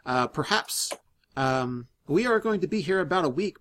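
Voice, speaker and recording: Halting male game master narrating. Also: fairly high pitch, animated, a bit bright. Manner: halting, many fillers and restarts.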